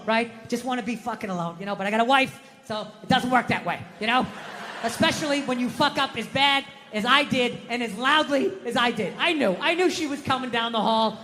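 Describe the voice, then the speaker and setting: A middle-aged man telling a stand-up story in a bright, forceful voice, profane and ranting, breaking into shouts. His voice rings with long hall reverb from a large live venue, over a faint hiss of background noise. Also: very high voice. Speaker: stand-up comedian.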